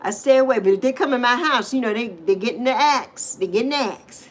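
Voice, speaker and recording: A woman's voice: on the high side, animated, a little fast. A middle-aged woman, hosting a casual livestream, chatting animatedly and reacting to viewer comments with emphatic exclamations. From U.S. Virgin Islands. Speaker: livestream host.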